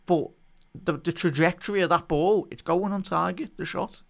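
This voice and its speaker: A man giving live fan commentary during a football watch-along, talking to his chat and swinging from low muttering to outraged shouts at the referee. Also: normal speed, creaky.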